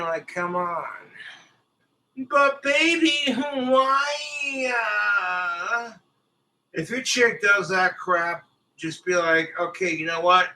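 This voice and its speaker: A man rants crudely on a livestream, swearing freely as he talks to his viewers. His voice sits a little high and comes out forceful and tense. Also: a little hiss or hum, low-quality recording. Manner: crude, profane, ranting. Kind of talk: livestream rant.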